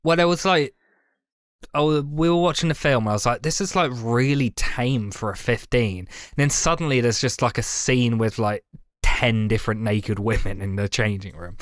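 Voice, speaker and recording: A man's voice: medium pitch, moderate pace, dry recording, studio quality. A man co-hosting a casual film podcast, rambling and laughing as he talks. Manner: laughing, rambling with lots of fillers. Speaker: podcast co-host. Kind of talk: casual chat.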